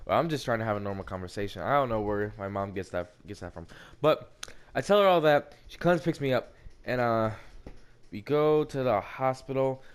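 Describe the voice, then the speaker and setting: A young man, likely a teen, telling a personal story while gaming, halting and repeating words, swearing now and then. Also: medium pitch, smooth. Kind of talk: casual storytelling over gameplay.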